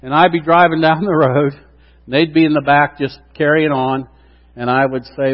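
Man preaching, middle-aged, high lively voice, long hall reverb, dull lo-fi sound. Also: moderate pace. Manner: animated preaching, acts out quotes, asides to congregation. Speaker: pastor. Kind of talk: sermon.

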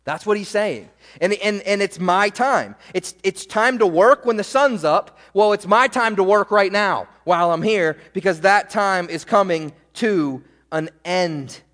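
A middle-aged male pastor preaching a sermon in a church, animated, asking the congregation rhetorical questions. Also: sits high, unhurried, hardly any pauses, long reverb tail. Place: church sanctuary.

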